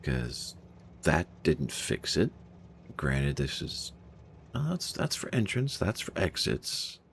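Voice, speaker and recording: A man's voice: rumbling low, big pitch swings, takes it slowly, vocal fry, slight background noise. A young man streaming a game, thinking aloud and puzzling over what went wrong, chuckling to himself at a desk microphone. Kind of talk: casual gameplay commentary.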